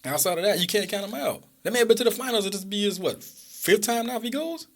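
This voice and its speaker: A young man co-hosting a podcast, arguing about basketball in a casual, animated way. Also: high-pitched. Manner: animated, argumentative, fast-talking. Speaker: podcast co-host. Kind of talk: casual sports debate.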